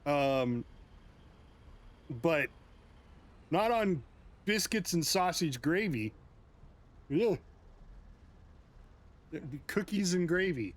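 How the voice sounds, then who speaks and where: Lively, slow-talking American streamer man. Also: fairly high pitch. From United States. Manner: chatty, reacting to chat with chuckles and asides. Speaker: game streamer. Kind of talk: casual chat with live viewers.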